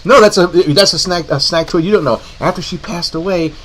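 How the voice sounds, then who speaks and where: A man's voice: high-pitched, a little fast, a loud crowd. A male horror movie host joking through live-stream banter. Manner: jokey, playful, lively asides.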